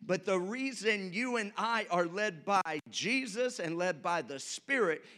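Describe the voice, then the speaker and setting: Male pastor, high bright voice, sermon delivery with call-and-response and humor. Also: lively intonation, measured pace.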